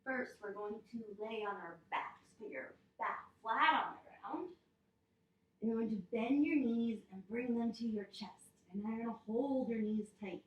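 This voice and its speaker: A woman leading a children's yoga storytime, speaking gently and encouragingly and making animal sounds. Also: on the high side, normal speed, far from the mic, lo-fi sound. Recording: echoey room.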